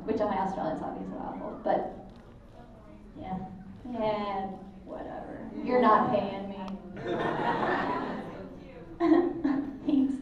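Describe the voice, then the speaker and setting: A woman's voice: medium pitch, drawn-out words, pauses often, crowd noise. A woman voice actor telling a rambling anecdote on a panel, chatty and laughing. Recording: echoey hall, distant, dull sound.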